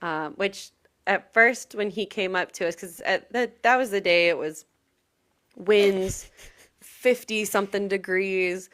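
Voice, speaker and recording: A woman's voice: medium pitch, unhurried, a bit bright. A young adult woman co-hosting a casual podcast, telling festival stories with acted-out quotes and frequent laughter. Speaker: podcast co-host. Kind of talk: casual festival recap chat.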